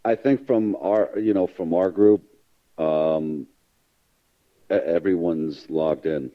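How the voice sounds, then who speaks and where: A man's voice: deep voice, slow. A man joining a training conference call, speaking casually. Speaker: call participant. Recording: muffled phone line.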